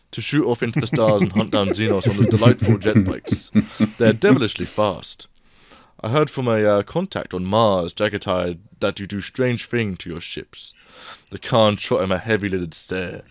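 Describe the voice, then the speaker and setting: A man's voice: lowish voice, dry recording. A man co-hosting a podcast, reading a book excerpt aloud and laughing lightly between lines. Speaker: podcast co-host.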